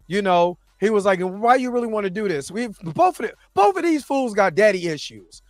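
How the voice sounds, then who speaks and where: A man's voice: sits high, very animated, moderate pace, no room sound, clean studio sound. A man hosting a reaction show, recapping episodes in a loose, slangy, rambling way full of restarts and asides.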